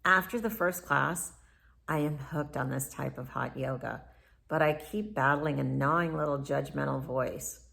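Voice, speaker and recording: Low, gravelly woman reading her memoir. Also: unhurried, a bit bright. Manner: reflective, candid storytelling. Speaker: memoir author. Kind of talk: first-person memoir narration.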